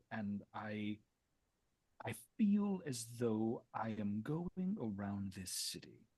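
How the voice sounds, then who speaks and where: A man's voice: fairly low pitch, breathy edge, dry recording, pitched below the performer's own voice, full character voice. A man playing a troubled, whispering noble lord. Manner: formal, hushed and earnest, dropping to whispers. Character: troubled noble male investigator near breaking.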